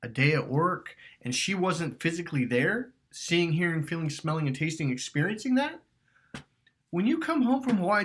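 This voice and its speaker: A man's voice: fairly high pitch, lively intonation, moderate pace, fairly bright tone. A man coaching on dating, talking emphatically, swearing and acting out quotes. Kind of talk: animated coaching talk.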